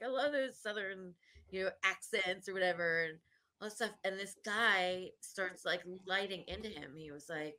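Bright-voiced woman telling a bar story. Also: medium pitch, normal speed. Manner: animated storyteller, acts out voices, laughs often. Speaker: podcast co-host; bartender. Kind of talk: casual chat, storytelling.

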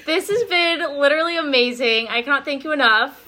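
A woman's voice: sits high, brisk, bright, forceful tone. A woman hosting a podcast, gushing and effusive in casual chat. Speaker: podcast host.

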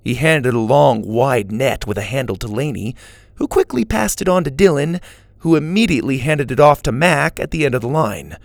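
Gravelly male storybook narrator. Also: mid-range voice, moderate pace, dry recording. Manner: even expressive read-aloud.

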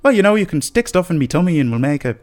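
A man's voice: fairly high pitch, very animated, rapid-fire, noisy background, voice pushed up. A man voicing a cheerful, armored fantasy creature with an Irish accent, speaking in a bubbly, playful way.

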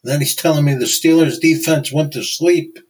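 A man co-hosting a sports history podcast in a measured, conversational way, often saying "you know". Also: a little high, fairly even intonation, rough recording. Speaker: podcast co-host. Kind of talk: casual sports chat.

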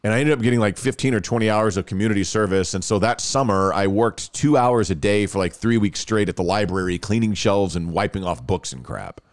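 A man, hosting a podcast and telling a story in a casual, animated way, laughing often and restarting phrases. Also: fairly low pitch, brisk, hardly any pauses, no room sound. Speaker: podcast host.

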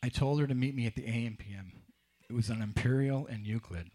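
A man's voice: medium pitch, fast, mellow. A man telling a personal story to a live audience in a wry, confessional way with dry humor.

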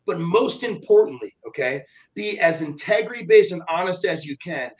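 A podcast guest with a fairly high voice tells energetic stories at a moderate pace, blunt and profane throughout, captured in poor audio. It's casual podcast chat full of animated storytelling.

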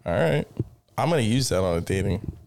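Dude cohost, voice bounces all over, blunt and sweary, joking around. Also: male voice, fairly low pitch, lively intonation, brisk, vocal fry, a little mellow. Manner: blunt, profane, jokey. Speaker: podcast co-host. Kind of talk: casual chat.

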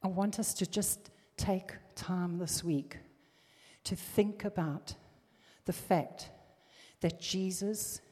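A woman preaching with a mellow, unhurried delivery, her voice carrying a long reverb through a church hall. She reads scripture and presses each point with fervent emphasis. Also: fairly low pitch, steady tone. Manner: emphatic, rising to fervent exhortation. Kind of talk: sermon.

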